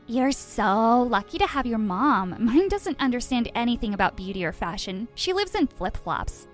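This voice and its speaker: A woman's voice: fairly high pitch, sing-song, moderate pace, faint music behind. A woman voicing a shallow teenage girl who complains in a whiny way. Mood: envious.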